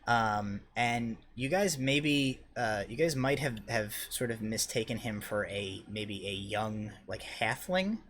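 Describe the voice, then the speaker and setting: A man's voice: on the low side, slow, hardly any pauses, fairly bright tone, a little hiss or hum. Easygoing rambling male dungeon master. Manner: rambling with many fillers and restarts, easygoing. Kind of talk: narrating a tabletop game.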